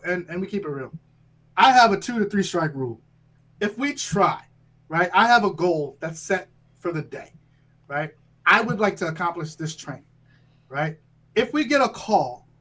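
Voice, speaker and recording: A man explaining how he trains firefighters, speaking in a casual interview. He talks directly and emphatically, tagging his points with quick "right?" checks. His voice sits a little high for a man. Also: fairly bright tone, low-quality recording. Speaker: fire training instructor, guest.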